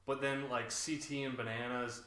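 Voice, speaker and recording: Hombre de voz brillante con eco. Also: male voice, medium pitch, flat delivery, normal speed, fairly bright tone, echoey room. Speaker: podcast co-host. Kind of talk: casual recap chat.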